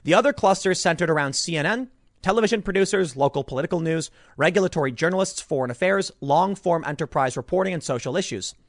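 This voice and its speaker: Sarcastic high-voiced male commentator. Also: animated, fast, no echo, clean studio sound. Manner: sarcastic, reads articles aloud with asides. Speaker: political commentator. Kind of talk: political commentary vlog.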